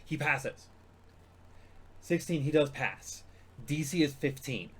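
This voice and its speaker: A man's voice: fairly high pitch, expressive, slow pace, breathy edge. A man running a tabletop game session as dungeon master, casual and laughing, swearing freely.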